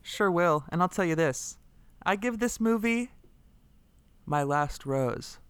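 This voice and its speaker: A man co-hosting a comedy podcast with dry, deadpan humor. His voice is smooth and clear. The recording is close and dry. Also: sits high, takes it slowly, no echo. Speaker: co-host. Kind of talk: casual comedy podcast banter.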